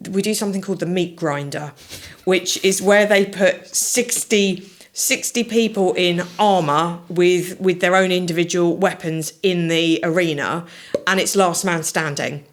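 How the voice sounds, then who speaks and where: A middle-aged woman, chatting enthusiastically as a podcast guest. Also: on the low side. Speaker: podcast guest, social media marketer. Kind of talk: casual chat.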